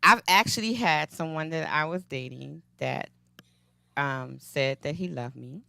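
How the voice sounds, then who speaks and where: A woman with a New Orleans accent talks in a low, unhurried voice, laughing often as she tells her stories in casual panel chat. The sound is close and dry, with no room around it. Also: creaky, pushed and bright, dry recording. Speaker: guest panelist, podcaster.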